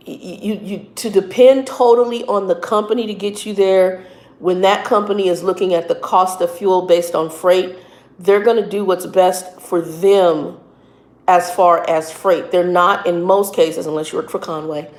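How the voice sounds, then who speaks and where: A woman truck driver and minister giving casual, earnest advice, often halting and repeating words as she talks. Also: lowish voice, darkish tone. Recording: echoey room.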